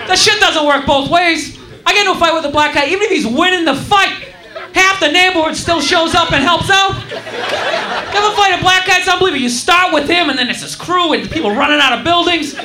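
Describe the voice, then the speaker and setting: A man doing a stand-up comedy set, telling a rambling, animated story with crude asides in front of a live audience. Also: extremely high pitch, brisk, crowd noise, background noise. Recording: echoey comedy club with loud audience.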